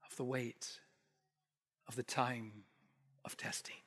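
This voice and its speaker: A man preaching an expository sermon, emphatic and repetitive, dropping to a hush to stress key points. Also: medium pitch, little pitch movement, slow pace, in a whisper. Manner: emphatic, repetitive, with hushed drops for weight.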